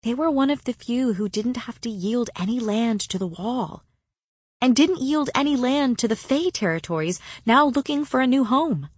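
A woman's voice: fairly high pitch, animated, normal speed, slightly rough, no room sound, clean studio sound, pitched above the performer's own voice. A woman voicing a careful, earnest fae noblewoman. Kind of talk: audiobook character voice.

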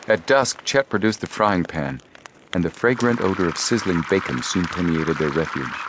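A man narrating an adventure story as an audiobook reader, in a measured, steady way. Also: sits low, noisy background. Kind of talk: scripted narration.

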